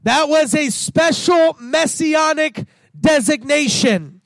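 A man pastor preaching a sermon, swelling into shouts and sprinkling "uh" between phrases. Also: very high-pitched, takes it slowly, no echo.

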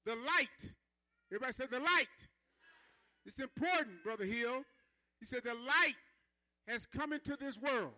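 A man preaching a sermon, stretching out key words and having the congregation repeat after him, then dropping to low asides. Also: animated. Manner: emphatic, drawn-out stresses, calls on the congregation to repeat; swings between loud proclaiming and low soft asides.

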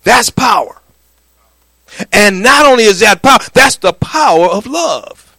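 A middle-aged man preaching a sermon, swinging from loud declarations to hushed lines and calling for the congregation's answer. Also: high-pitched, lively intonation, moderate pace, dry recording. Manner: calls for congregation response. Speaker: pastor.

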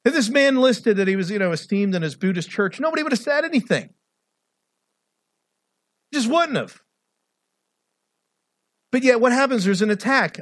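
A middle-aged male pastor preaching an animated sermon, swinging between loud, raised passages and quiet asides. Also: sits high, normal speed, pauses often, no room sound.

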